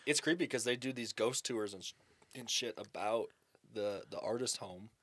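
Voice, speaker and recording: A man co-hosting a casual podcast, animated and jokey, swearing freely and jumping into the conversation. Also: lowish voice, moderate pace. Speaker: podcast co-host. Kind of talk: casual chat.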